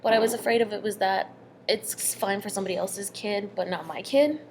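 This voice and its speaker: An earnest young woman recounts her own story in a relaxed, conversational way. Her voice sits at a middle pitch and now and then sinks into a hushed aside. A faint hum runs behind her. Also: brisk. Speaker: storyteller sharing a personal story. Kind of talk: casual personal storytelling.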